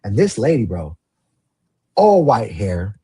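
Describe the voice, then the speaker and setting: Podcast guest from the Valley, low raspy male voice, casual storyteller who swears and rambles. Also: wildly swooping pitch, takes it slowly, warm tone. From Los Angeles, San Fernando Valley. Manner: casual, rambling, swears, heavy use of "like" and "you know". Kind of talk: candid storytelling interview.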